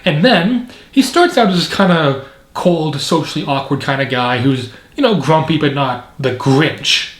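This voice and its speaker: A man talks through a film review in a loose, rambling way, full of opinions and fillers. His voice sits a bit high for a man. The recording has a noticeably echoey room sound. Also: lively intonation, unhurried, fairly bright tone. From Canada. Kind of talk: casual video review commentary.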